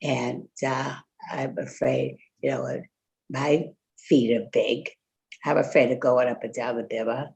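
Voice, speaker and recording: A woman's voice: a bass voice, animated, a little slow, creaky, darkish tone. An older woman chatting casually with fellow congregants, telling a rambling story full of fillers and quoted speech. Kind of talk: casual chat.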